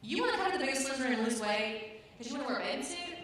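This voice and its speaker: A woman's voice: medium pitch, a little fast, slight background noise, lightly acted. A woman voicing a harsh, relentless female fitness trainer who confronts and mocks. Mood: taunting. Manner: confrontational, probing, mocking. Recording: very echoey room, distant mic.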